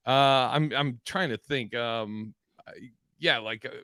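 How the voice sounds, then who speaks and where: Guy with a bright edgy voice reading chat comments, laughs a lot, dry sound. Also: medium pitch, slow pace, clean tone, no room sound. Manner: loose, laughs often, swears casually. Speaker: podcast co-host reading listener comments. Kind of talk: casual chat.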